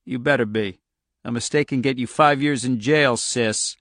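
A man's voice: mid-range voice, moderate pace, fairly bright tone, no room sound, studio quality, lightly acted. A man voicing a menacing, bullying male federal agent who taunts and threatens.

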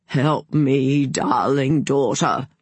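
Narrator as a joking father, quavering feeble old-man voice, breathy and husky, dry close sound. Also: medium pitch, drawn-out words, no room sound. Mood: mock-feeble. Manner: joking, hamming up frailty. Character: quavering elderly man, mock-frail father.

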